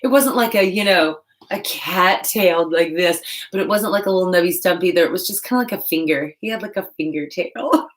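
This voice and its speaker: A woman hosting a casual livestream while painting, chatting loosely and joking at herself in quick asides. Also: on the low side. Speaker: livestream host. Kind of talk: casual live-stream chat while painting.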